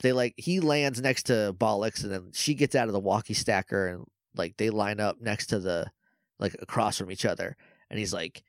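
A man co-hosting a podcast, casually retelling a TV episode in an animated way, peppered with "like" and quick impressions. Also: lowish voice, no echo, clean studio sound. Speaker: podcast co-host. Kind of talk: casual episode recap chat.

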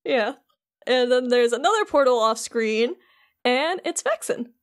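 A woman's voice: high voice, expressive, measured pace. A woman co-hosting a podcast, recapping a game in casual chat with lots of fillers. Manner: chatty, many fillers, playful. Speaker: podcast co-host.

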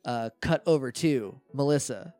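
A man's voice: medium pitch, measured pace, darkish tone, soft background music. A man narrating as game master of a tabletop role-playing podcast, loose and chatty with lots of fillers.

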